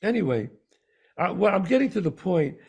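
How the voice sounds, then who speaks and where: A man's voice: sits high, big pitch swings, normal speed, gravelly, a little mellow, husky. A man co-hosting a podcast, telling a story in casual chat and repeating words for emphasis. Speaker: podcast co-host.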